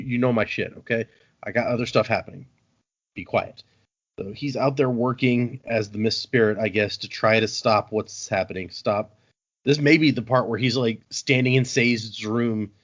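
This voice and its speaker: A man casually recaps a book chapter on a podcast and keeps slipping into playful voices for the characters. The audio is a bit dull and lo-fi, like a home recording. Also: mid-range voice. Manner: animated, acts out characters' lines. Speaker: podcast host.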